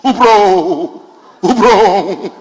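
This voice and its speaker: A man's voice: high voice, extremely slow, breathy edge, heavily acted. A man voicing a flustered young male teacher who stammers and stumbles through every word. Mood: stammering. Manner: stutters and repeats syllables.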